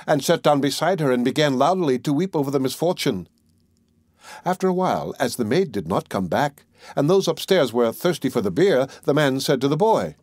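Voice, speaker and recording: A man reading a fairy tale aloud as an audiobook narrator, in an even, unhurried storybook manner. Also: medium pitch, no echo, clean studio sound.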